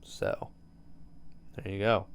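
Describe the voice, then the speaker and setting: A man hosting a podcast, recapping a movie in loose, profane storytelling full of "um" and "like". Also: slow pace. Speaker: podcast host.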